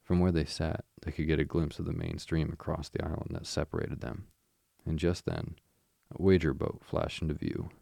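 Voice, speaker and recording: Very deep, gravelly male narrator. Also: little pitch movement, moderate pace, dark tone, dry recording, studio quality. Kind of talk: audiobook narration.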